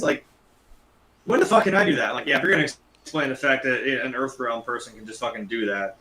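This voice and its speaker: Fast-talking profane man in a roomy space. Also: mid-range voice, sharp tone, a little hiss or hum. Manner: fast, profane, mimics others. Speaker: regular panelist. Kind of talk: casual group chat. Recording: roomy echo.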